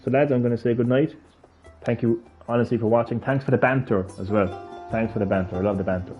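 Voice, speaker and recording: A man's voice: medium pitch, steady tone, fast, dull audio. A man streaming a video game, chatting casually, ranting and swearing in a mock-outraged way. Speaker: gaming streamer. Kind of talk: casual live-stream chat. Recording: game music faint behind.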